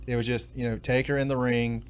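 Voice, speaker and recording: A man co-hosting a casual podcast chat, recalling events in a halting way with many restarts. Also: medium pitch, flat delivery, smooth. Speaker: podcast co-host.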